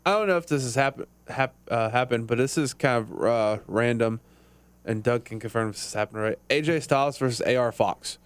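A man's voice: mid-range voice, fairly quick, smooth, no room sound. A man co-hosting a casual podcast, hesitant and often laughing. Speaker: podcast co-host. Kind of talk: casual chat.

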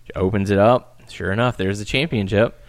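A man chatting casually as a podcast co-host, animated and acting out what others said. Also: fairly low pitch, brisk, no room sound. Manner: animated, acts out quotes in put-on voices. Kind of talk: casual chat about wrestling.

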